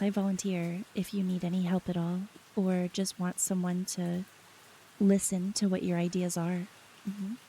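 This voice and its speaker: A young adult woman streaming late at night, chatting softly with her chat, reading their messages aloud and often laughing. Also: medium pitch, slight background noise, poor audio. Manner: soft, giggly, reads chat aloud.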